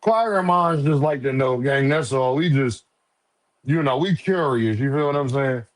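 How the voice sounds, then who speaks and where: A man hosting a casual live boxing stream, loose and profane, teasing viewers and shouting out donors. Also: medium pitch, unhurried. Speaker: livestream host.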